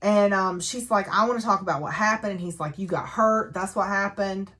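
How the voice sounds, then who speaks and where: A woman's voice: mid-range voice, a little fast, a bit bright. A woman casually recapping a novel, chatty and gushing, slipping into the characters' lines as she goes. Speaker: book reviewer.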